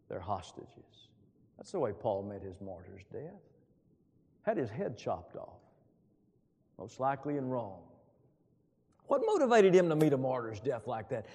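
A middle-aged man preaching a sermon, emphatic, with booming rises when he quotes scripture. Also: a little mellow. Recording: long hall reverb.

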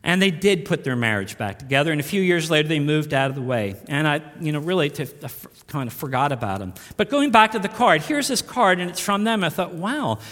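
A male pastor preaching a sermon earnestly, rising in force on key lines and dropping soft on tender ones. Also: on the high side, expressive, a little fast, hardly any pauses, long reverb tail.

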